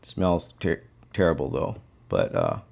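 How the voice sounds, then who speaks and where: A man from the Cayman Islands, a bonefish guide, telling a fishing story in a relaxed, conversational way while tying a fly. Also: extremely low pitch, measured pace, gravelly.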